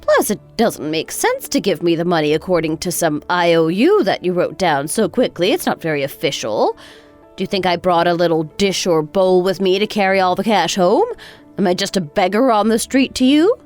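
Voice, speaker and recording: Woman performing a touchy older mother-in-law, defensive and stammering, with a lively, high voice over faint music. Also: moderate pace. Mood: indignant. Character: indignant older mother-in-law, proud, quick to take offense.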